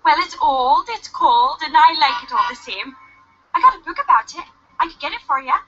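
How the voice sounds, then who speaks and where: An actress playing a cheerful, chatty young woman in an adventure game, friendly and lively. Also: sits high, moderate pace, very noisy. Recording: dull lo-fi game audio with faint ambience.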